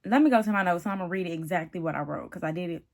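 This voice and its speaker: A woman giving a casual, animated reality-TV recap, chatty and calling the viewer "honey" and "baby". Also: fairly low pitch, very fast. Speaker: TV show reviewer.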